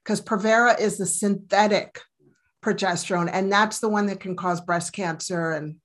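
A middle-aged woman, a telemedicine doctor, chatting as a guest, lively and anecdotal. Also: medium pitch, normal speed. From United States. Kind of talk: casual chat.

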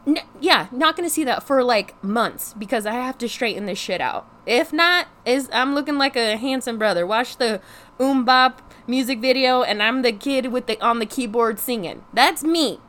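A young woman telling a frustrated storytime vlog in casual chat, animated and exasperated, swearing freely and saying "like" constantly. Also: on the high side, moderate pace. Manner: heavy use of "like" as filler. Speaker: vlogger.

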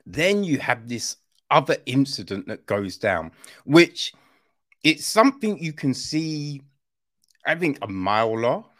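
Male film reviewer, unhurried but expressive, conversational, keeps checking in with his listeners. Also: mid-range voice. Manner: conversational, keeps asking "right?"; swears casually. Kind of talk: casual spoken film review.

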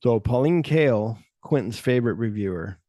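A middle-aged man hosts a laid-back movie podcast and acts out scenes as he retells them. His voice is mellow and dark, at an ordinary pitch. The sound is dry and close. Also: animated, normal speed, dry recording. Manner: retells scenes with quoted lines, swears freely. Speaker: podcast host. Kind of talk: casual film chat.

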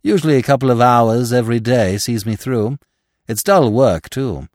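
A man's voice: medium pitch, normal speed, darkish tone, no echo, natural voice. A man playing a reserved young ex-soldier who answers in a dry, courteous, understated way. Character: polite, reserved young ex-soldier, a bit stiff.

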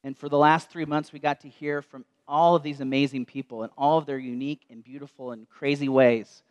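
A man preaching a sermon in a church, telling a story and dropping to slow, soft tones for quoted words. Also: mid-range voice, steady tone, lo-fi sound.

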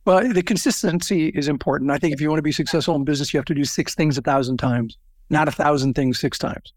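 A man's voice: fairly high pitch, quick pace, dry recording, clean studio sound. An older man from Southern California, a networking organization founder telling stories and analogies as an interview guest. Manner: storytelling with quoted voices and analogies. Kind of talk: interview conversation.

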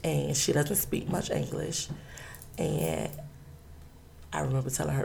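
A woman telling a personal story in an interview, halting and earnest, with many pauses and restarts. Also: sits low, fairly even intonation, gravelly, darkish tone, slight background noise.

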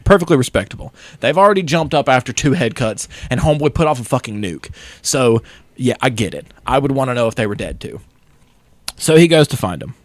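A man co-hosting a podcast, casually recapping an anime with lively, profane storytelling. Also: medium pitch, brisk, no room sound. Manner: animated retelling, acting out characters in funny voices, swears freely. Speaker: podcast co-host.

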